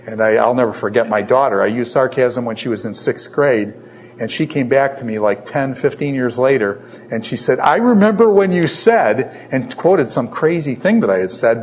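A middle-aged man teaching a lecture on scripture, who poses questions and then answers them himself. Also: mid-range voice. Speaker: Bible teacher.

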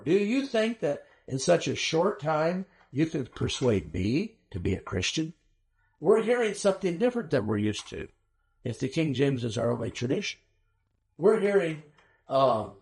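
A man giving a conversational teaching sermon on Bible translations, animated and acting out quotes with sarcastic flair. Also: fairly high pitch.

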